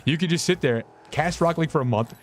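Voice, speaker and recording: A young man streaming a game, chatting casually with viewers in a rambling, self-mocking way, his pitch jumping up and down. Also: fast, a little hiss or hum. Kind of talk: casual gameplay commentary.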